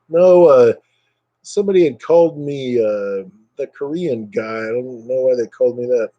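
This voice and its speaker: A man's voice: mid-range voice, moderate pace, dark tone, no room sound, lo-fi sound. A man chatting casually with live viewers over a webcam at home, joking and sarcastic, rambling from topic to topic. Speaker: live streamer.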